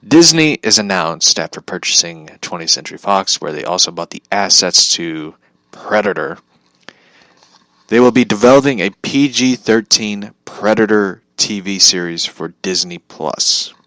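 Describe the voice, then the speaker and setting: A man's voice: low voice, expressive, measured pace, sharp tone, no echo. A young man talking casually in a rambling vlog monologue, laughing often, swearing and restarting his sentences. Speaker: vlogger.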